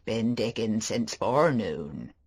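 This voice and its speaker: A reader voicing a simple-minded old male fisherman who speaks in a slow, rustic drawl in an audiobook. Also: medium pitch, big pitch swings, breathy edge, voice pushed down, heavily acted. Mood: dim and friendly. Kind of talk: audiobook character voice.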